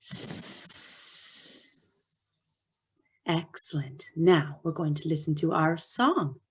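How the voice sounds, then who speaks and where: A woman teacher with a Canadian accent, giving a slow, clear phonics lesson to young children and drawing out the letter sounds. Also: deep voice, expressive.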